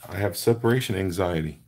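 Very deep gravelly man, slow and chatty. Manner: chatty, answers viewer comments by name; talks through his hands-on steps. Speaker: card-making livestream host. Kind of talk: casual livestream chat while crafting.

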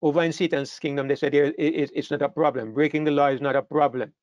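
A man preaching a sermon, emphatic, rising sharply in pitch and volume on key phrases and often restarting his words. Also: steady tone, fast, lo-fi sound.

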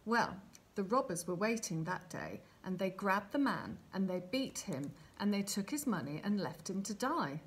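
A woman reading a Bible story aloud for children in an expressive, animated storytelling manner. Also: mid-range voice, normal speed.

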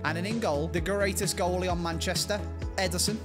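A man's voice: high-pitched, steady tone, a little fast, music in the background. A young man playing a football video game with a friend, teasing him and mock-complaining. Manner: teasing, mock-indignant, shouts at the ref. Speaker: gaming YouTuber, guest. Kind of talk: gaming banter.

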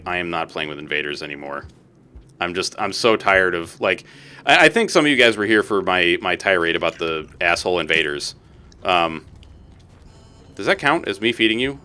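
Man streaming a game, animated pitch, bright tone, excitable, swears a lot, talks to chat and critters. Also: brisk, clean tone. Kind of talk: casual gameplay commentary.

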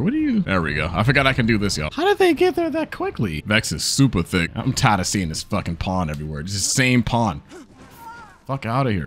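A man's voice: on the low side, fairly bright tone. A man giving casual, profane commentary as he plays a game, joking and laughing and talking straight to his viewers. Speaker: gaming video creator.

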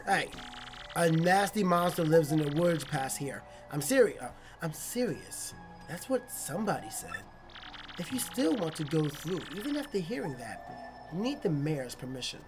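A woman's voice: low-pitched, sing-song, moderate pace, music in the background. A woman reading the lines of a rule-bound village gate guard from a video game. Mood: stern. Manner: reading game dialogue aloud.

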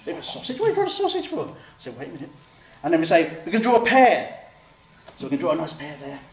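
Talking very fast with huge swings in pitch, a man with a fairly high voice guides listeners through a drawing step by step. He's an author-illustrator, chatty and acting out the children's replies. A distant mic gives roomy sound with faint noise behind it.

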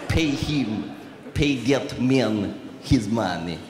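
A man voicing a menacing male gangster card player with a slow heavy drawl. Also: mid-range voice, lively intonation, darkish tone, pitched below the performer's own voice. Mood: grudging. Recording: echoey hall from a live stage.

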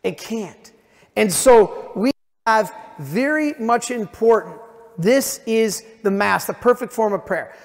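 Man, priest, sermon, emphatic, slow delivery, reverberant church. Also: sits high, expressive. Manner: emphatic preaching, slows down for key lines. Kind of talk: sermon at a parish retreat. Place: large church. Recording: long reverb of a church hall.

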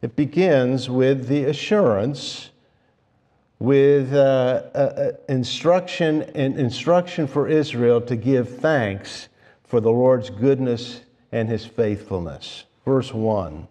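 A man delivering a sermon at an unhurried pace, often stopping to rephrase. His voice is dark and mellow. The sound carries the long reverb of a church sanctuary. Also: mid-range voice. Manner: slow, deliberate, with restarts and fillers. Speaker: preacher.

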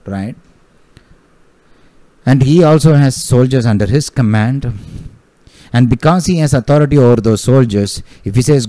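A man's voice: mid-range voice, dark tone, no echo. A man preaching a sermon, emphatic, repeating key phrases and calling out hallelujah.

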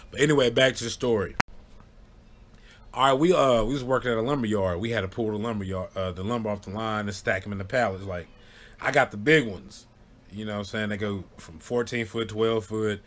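A man casually telling funny childhood stories, animated, breaking into loud high yelps when he acts out what people said. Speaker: storyteller. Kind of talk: casual storytelling to camera.

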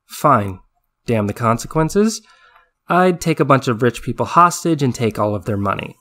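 A man voicing a sharp-tongued female army medic veteran who scolds in exasperation. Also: medium pitch, expressive, moderate pace. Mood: scolding.

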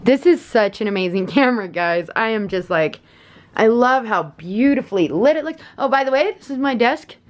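A woman's voice: a little high, expressive, normal speed. A woman vlogging casually with a gushing, giggly enthusiasm, first at home and then from her car. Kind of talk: casual vlog chat.

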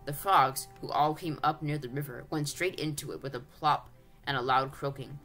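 Brief: channel reader narrating a storybook, mid-pitched, soft music under. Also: steady tone, normal speed. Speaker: audiobook reader. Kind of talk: storybook read-aloud narration.

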